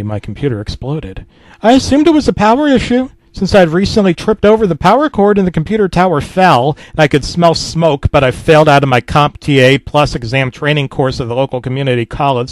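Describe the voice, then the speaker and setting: A man's voice: fairly high pitch, no echo. A man reading a comedic creepypasta in a mock-serious, self-deprecating tone, swearing freely. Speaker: narrator.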